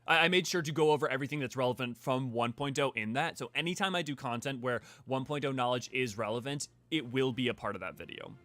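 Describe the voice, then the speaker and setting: Casting: male lore streamer, chatty and rambling, crisp bright voice, mid pitch. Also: fast, few pauses, no echo. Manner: chatty, rambling, reads viewer comments. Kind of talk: live-stream commentary.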